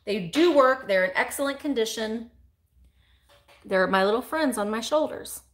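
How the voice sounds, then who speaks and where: A chatty middle-aged woman runs a live-stream sale in a rambling, friendly flow. Her voice sits a little high, and she drifts off between calling out bids and answering viewer comments. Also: lively intonation, moderate pace. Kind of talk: casual live-stream auction chat.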